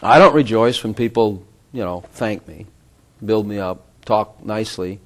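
A man's voice: lowish voice, moderate pace. A middle-aged man giving an informal sermon, rambling with conversational asides and frequent chuckles. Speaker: preacher.

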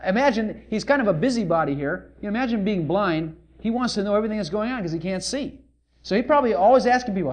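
A male preacher delivering a sermon, animated and full of rhetorical questions. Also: high-pitched, quick pace.

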